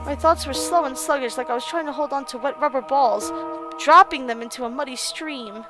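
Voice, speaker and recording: A woman streamer reading a visual novel aloud, expressive, with loud excited outbursts. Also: high voice, a little fast. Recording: game music playing behind.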